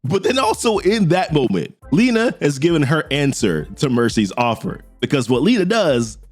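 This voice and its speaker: A man's voice: fairly high pitch, normal speed, soft background music. A man hosting a comic book channel, casually retelling an issue and quoting the characters as he goes. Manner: animated retelling, quotes characters with "he's like".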